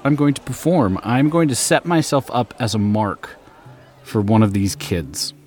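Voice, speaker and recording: A man playing a tabletop game, thinking aloud in a halting way. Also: mid-range voice, a little mellow. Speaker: player. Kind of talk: casual game-table chat.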